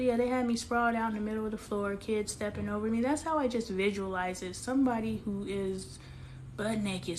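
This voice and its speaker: This is a woman in her thirties with a medium-pitched voice, hosting an open, candid phone live stream outdoors. Emotional and confiding, she speaks straight to her viewers and responds to their comments aloud; there's slight background noise.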